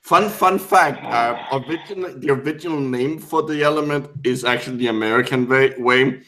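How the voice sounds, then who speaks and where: A man speaking English as a second language in a casual group call, dry and matter-of-fact, quick to correct others. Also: medium pitch, bright, forceful tone, rough recording. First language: not English.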